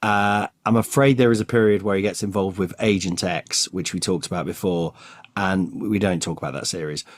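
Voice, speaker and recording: A man's voice: low voice, steady tone, fairly quick, dry recording, studio quality. A man co-hosting a podcast, eagerly retelling comic stories and acting out the quotes. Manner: enthusiastic, storytelling, acts out quotes. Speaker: podcast co-host. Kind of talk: casual comic-book chat.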